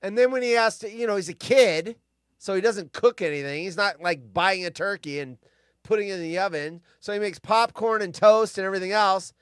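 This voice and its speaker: A man's voice: high-pitched, fairly quick, a bit bright, clean tone, no echo, clean studio sound. A man hosting a casual live stream, grumpy and profane, ranting and rambling.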